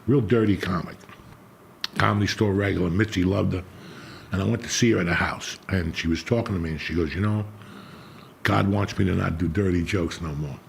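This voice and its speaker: A man's voice: low-pitched, fairly quick, creaky, a little hiss or hum. A middle-aged man telling a blunt, profanity-heavy personal story in casual chat as a podcast host.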